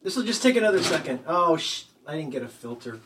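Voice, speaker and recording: A man in casual chat, rambling and joking as he narrates what he is doing, talking loud from across the room. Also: on the high side, sing-song, quick pace, background noise. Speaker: podcast co-host. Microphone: headphones, talking loud from across the desk.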